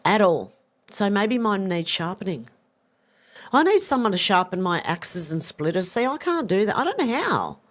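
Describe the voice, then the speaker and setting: A woman's voice: mid-range voice, sing-song, normal speed. Chatty woman reading viewer comments. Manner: chatty and self-deprecating, laughs often, reads messages aloud and answers them. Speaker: livestream news host reading viewer comments. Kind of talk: casual live-stream chat.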